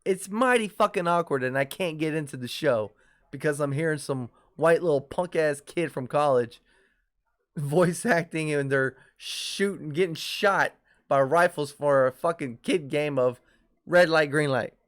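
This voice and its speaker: A man's voice: on the high side, a little slow. A man hosting his own podcast, ranting casually and profanely about shows and movies. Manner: profane, animated ranting with laughs. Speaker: podcast host. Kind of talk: casual solo podcast rant.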